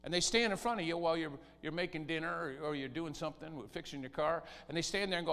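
A high, bright-voiced man preaches with lively swings in pitch, acting out whiny pleas along the way. His voice rings through a church hall with a long reverb tail. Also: quick pace, hardly any pauses. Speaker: pastor. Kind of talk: sermon.

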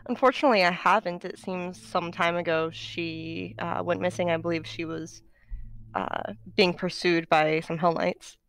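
A woman's voice: on the low side, steady tone, normal speed, fairly bright tone. A woman player speaking in character during a tabletop game, polite and plain. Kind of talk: tabletop role-play.

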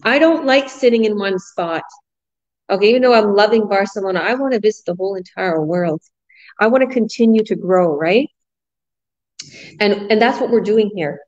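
A middle-aged woman from Canada hosting a casual live online chat, bubbly and excited, laughing often. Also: mid-range voice, moderate pace, lo-fi sound. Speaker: host.

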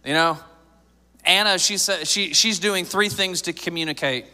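A man's voice: sits high, moderate pace, bright, forceful tone, clear, resonant tone, in a large hall. A man in his thirties preaching a sermon in a church, joking and conversational, building to emphatic points. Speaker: pastor. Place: church sanctuary.

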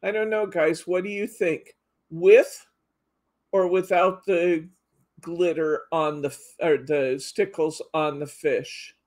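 A woman's voice: on the low side, fairly even intonation, takes it slowly, a little mellow. A middle-aged woman hosting a live craft demo, chatting casually and reading out viewer comments. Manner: chatty, reads out viewer comments, frequent laughs. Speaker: craft show host.

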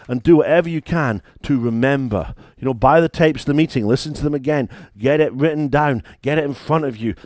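A man's voice: mid-range voice, a little mellow, no echo, studio quality. A British man, a church founder and pastor, preaching a sermon in a conversational, emphatic way with stories.

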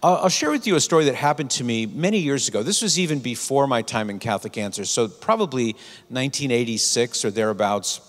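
A man's voice: mid-range voice, animated, fast talker, in a large hall. A man giving a conference talk, telling stories and offering earnest advice to the audience. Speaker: conference speaker. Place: conference hall.

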